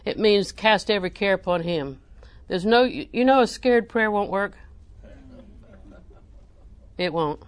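A woman preacher, delivering a sermon with animated emphasis that rises to near-shouting. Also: mid-range voice, measured pace, pauses often, smooth.

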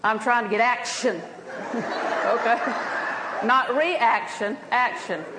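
An older woman preaching a sermon with lively storytelling and frequent laughter. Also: on the high side, takes it slowly, reverberant, very noisy.

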